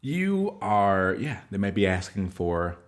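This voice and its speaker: A man's voice: fairly low pitch, sing-song, slow. A man co-hosting a podcast in casual joking chat, laughing often. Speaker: podcast co-host.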